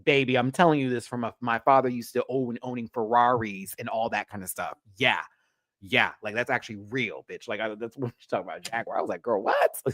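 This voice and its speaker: A man's voice: medium pitch, fast, fairly bright tone, dry recording. A man hosting a casual pop culture rant show, chatty, sassy and profane, full of asides.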